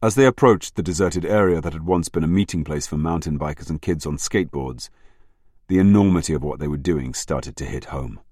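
Very deep-voiced male audiobook narrator. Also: a little fast, darkish tone, no echo, clean studio sound. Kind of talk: scripted narration.

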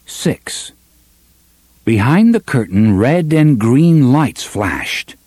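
A man narrating an audiobook in an expressive storytelling manner. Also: medium pitch, slow pace, breathy edge, dry recording, studio quality. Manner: expressive storytelling, varies pace for drama. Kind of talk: scripted narration.

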